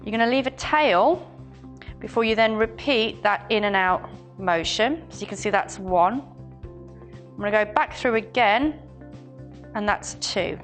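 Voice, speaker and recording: Calm woman explaining stitches. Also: medium pitch. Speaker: sewing demonstrator. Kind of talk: step-by-step stitching demonstration.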